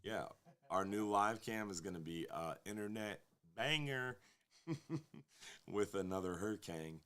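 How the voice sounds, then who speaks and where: A man with a relaxed drawl and a fairly low voice hosts a live fishing show from his marina. He talks casually and at length, drifting into jokes and asides for his viewers. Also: a little slow. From Florida. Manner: laid-back, rambling, joking with viewers. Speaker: fishing charter captain hosting a live show. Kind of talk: casual live-stream chat.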